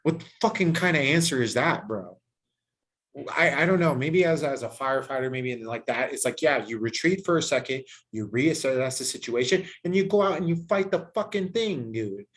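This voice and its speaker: Man, podcast host, casual profane rant, mid-pitched voice, animated and emphatic. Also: moderate pace. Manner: heavily profane, ranting and animated. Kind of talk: casual chat.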